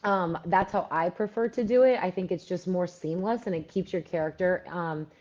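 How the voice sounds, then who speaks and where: On a dull, lo-fi livestream, a Philadelphia writing coach answers viewers' questions in a live Q&A. Her voice is lowish and darkish, her pace moderate, and she's chatty and full of fillers.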